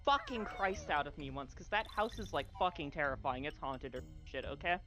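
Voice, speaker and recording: A woman telling a casual story on a gaming stream, halting and full of restarts. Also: low-pitched, animated, a bit bright, faint music behind. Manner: rambling, halting, many fillers and restarts.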